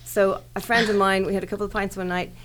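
A woman's voice: mid-range voice, flat delivery, quick pace, crowd noise. Chatty Irish woman guest. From Ireland. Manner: chatty, lots of fillers. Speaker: shop owner guest. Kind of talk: casual chat.

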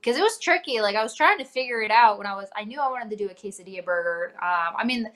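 A woman chef from Cincinnati as an interview guest, talking in a relaxed, chatty way with lots of fillers. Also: mid-range voice, fast. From Cincinnati, Ohio. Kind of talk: casual interview chat.

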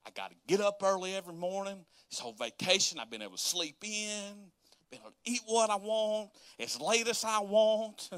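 A man preaching a sermon as pastor, animated and folksy, acting out everyday scenes with casual asides. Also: sits high, a little fast, clean tone, no room sound. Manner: animated, acts out everyday scenes in quoted voices.

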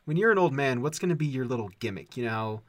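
A wry podcast co-host, a man, telling stories in a playful, teasing way. His pitch sits in the middle range for a man. The recording is dry, with no echo. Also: expressive, quick pace, a bit bright. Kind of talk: casual podcast chat.

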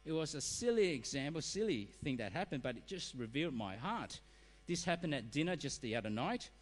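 Lively preacher in a reverberant hall. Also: male voice, a little high, brisk. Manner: animated, acts out excuses in quoted voices. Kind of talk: sermon.

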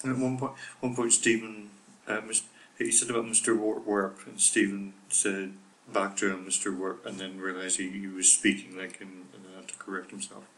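A man co-hosting a relaxed podcast chat, his voice sitting a little low. He teases his partner and quizzes him with a wry, dry humour. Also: moderate pace, few pauses, a little hiss or hum, low-quality recording. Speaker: podcast co-host. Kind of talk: casual chat.

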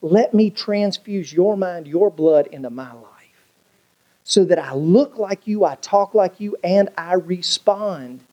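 A man, a pastor preaching a sermon in a folksy, storytelling way with big swings in pitch. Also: animated, slow pace, mellow, dull audio. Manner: folksy storytelling preacher, swooping pitch, colloquial Southern grammar.

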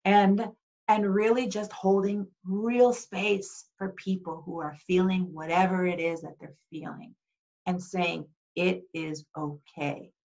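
Gravelly-voiced earnest woman guest. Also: mid-range voice, steady tone, measured pace, darkish tone, lo-fi sound. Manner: earnest, heartfelt, with restarts and fillers. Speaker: interview guest, Paralympian and advocate. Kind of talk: casual conversational interview.

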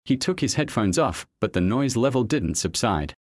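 A man narrating a story in a steady, even reading voice. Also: medium pitch, moderate pace, no echo, clean studio sound.

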